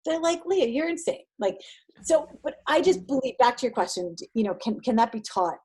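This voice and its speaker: A woman's voice: a little fast, slightly rough. A woman in her thirties, a guest on an interview podcast, talking casually and acting out quoted exchanges. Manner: animated, acts out quoted exchanges in a higher voice. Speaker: podcast guest, triathlete and mindset coach.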